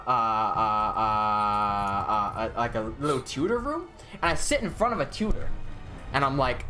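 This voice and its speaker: A man's voice: mid-range voice, lively intonation, measured pace, pushed and bright, faint music behind. A young man telling a long personal story while streaming a game, swearing often and acting out the quotes.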